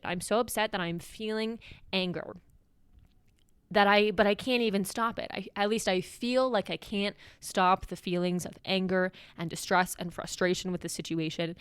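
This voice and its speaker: A woman's voice: mid-range voice, fairly bright tone, clean tone, no echo, clean studio sound. A young woman hosting a podcast, talking candidly and reflectively about her own feelings in a solo, confessional way. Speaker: podcast host.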